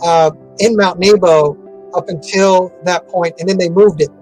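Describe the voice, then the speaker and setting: A man's voice: high-pitched, fairly even intonation, a little slow, a little mellow, faint music behind, rough recording. A man giving an interview in a casual, rambling way, with many fillers and restarts. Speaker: interview guest.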